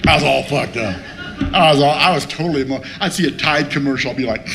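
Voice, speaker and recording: A man's voice: medium pitch, fast, vocal fry. A man speaking at a recovery meeting, telling a funny personal story with plenty of cussing and acted-out moments. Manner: salty, swearing storyteller who acts out his past self. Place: meeting room.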